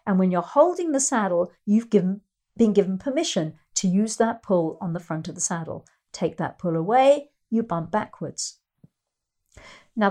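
A woman's voice: mid-range voice, dark tone. Middle-aged woman teaching through stories. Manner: explanatory, storytelling, acts out quoted voices. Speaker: riding teacher. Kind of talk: instructional talk with anecdotes.

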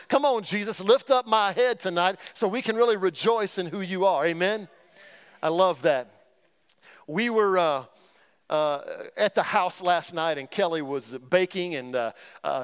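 A male pastor preaching with a high-pitched voice and constant calls to the crowd. His tone stays clear and resonant while he spins homey, joking anecdotes. The delivery is lively sermon talk. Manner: energetic, call-and-response with the congregation; folksy storytelling with humor.

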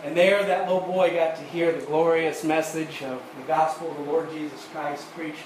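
A man preaches in a church, recorded from a distance so his voice rings through a very echoey room. A steady hiss of noise sits under him. His pitch is a bit higher than most men's, and he works up to fervent emphasis. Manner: halting, repeats words, builds to fervent emphasis. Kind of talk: sermon storytelling. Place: church sanctuary.

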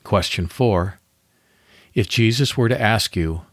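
A man hosting a devotional podcast, reading a guided Bible meditation in a calm, measured way with pauses. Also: fairly low pitch, no room sound, clean studio sound.

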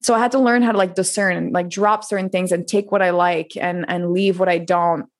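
Speaking briskly in a fairly low, steady voice, this thirtysomething woman from France shares her story as a podcast guest. She's open and talkative, leaning on "like" and cursing without hesitation in a relaxed interview.

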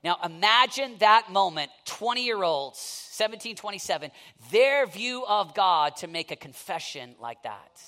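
A man preaching a sermon with impassioned delivery, swinging from near-shouting to hushed intensity and telling stories with acted-out asides. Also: sits high, animated. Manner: storytelling with quick asides and acted-out quotes.

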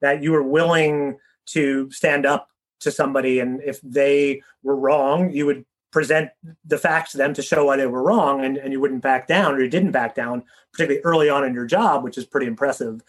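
A man's voice: medium pitch, steady tone, moderate pace. A man in his thirties interviewing a guest, asking long rambling questions with frequent restarts. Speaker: interviewer, teacher.

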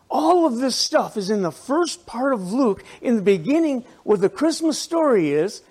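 A man preaching to a biker church congregation, conversational and animated, with restarts and asides. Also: extremely high pitch. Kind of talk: sermon.

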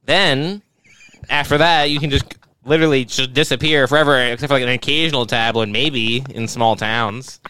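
A man's voice: mid-range voice, fairly even intonation, moderate pace, pushed and bright, clear, resonant tone. A young man co-hosting a casual podcast, ranting in a rambling, profane, mocking way. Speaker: podcast co-host. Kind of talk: casual rant.

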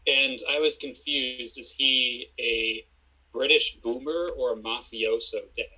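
Bright, husky-voiced deadpan man. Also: medium pitch, measured pace, low-quality recording. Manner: dry, deadpan critique with timestamps. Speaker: podcast co-host. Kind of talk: casual episode recap chat.

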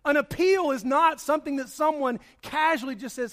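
A pastor with a very high, slightly bright voice preaches to his congregation at a church service, speaking at a normal speed with hardly any pauses. He tells a story conversationally before raising his voice for emphasis.

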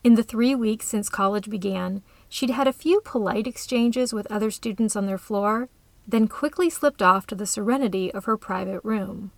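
Woman story reader, calm and even delivery, dry close recording. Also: medium pitch, normal speed, creaky, no room sound. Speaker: narrator. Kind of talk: scripted story narration.

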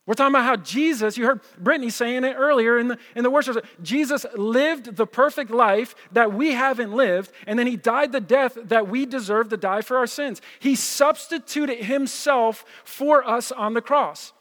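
Guy preaching a sermon, kinda high voice, lots of echo from the church hall, chatty, keeps saying right?. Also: normal speed, few pauses, fairly bright tone. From New Jersey. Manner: conversational, repeats words, keeps checking in with "right?". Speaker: pastor.

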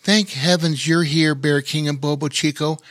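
A man's voice: on the high side, fairly even intonation, moderate pace, a bit bright, dry recording, clean studio sound, pitched above the performer's own voice, lightly acted. A man voicing a kind, young-at-heart older woman in a children's story, grateful and chatty.

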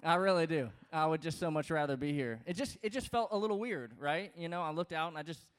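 A man from Louisiana, speaking, preaches to his congregation in a loose, joking, conversational way. His voice sits a little high and comes across smooth and resonant. The sound carries a long, reverberant tail from a large church hall. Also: quick pace. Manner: conversational, joking, lots of fillers and restarts. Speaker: pastor. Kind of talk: sermon.

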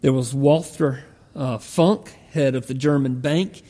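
Slow, mellow preacher in a hall. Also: male voice, medium pitch, fairly even intonation. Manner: halting, many ums and uhs. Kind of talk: sermon storytelling. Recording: long hall reverb.

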